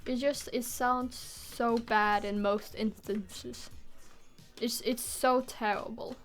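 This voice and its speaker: A woman's voice: on the high side, fairly even intonation, takes it slowly, soft background music. A young woman from Denmark, giving exasperated, swearing commentary while she streams a game. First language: Danish. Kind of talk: live gameplay commentary.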